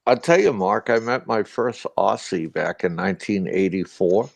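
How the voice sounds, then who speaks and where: A man's voice: low-pitched, normal speed, gravelly, no echo. An older man with a Boston accent, a former sailor telling profane, boisterous stories in a casual chat. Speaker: ex-sailor storyteller.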